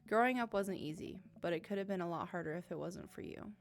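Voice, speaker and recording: A teasing, warm-hearted teen daughter voiced by a woman streamer speaks sincerely to her father. She sounds close to tears but holds it together. Faint game music plays behind her. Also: lowish voice, quick pace, lightly acted. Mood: heartfelt. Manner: sincere, a little choked up. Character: teenage girl, warm, teasing daughter leaving for college.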